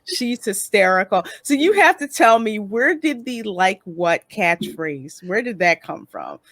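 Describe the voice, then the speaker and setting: A woman hosts a casual chat, her voice bouncing lively up and down. She sounds enthusiastic and giggly, with questions that ramble, and the sound is dry and close. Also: mid-range voice, unhurried, dry recording. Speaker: host.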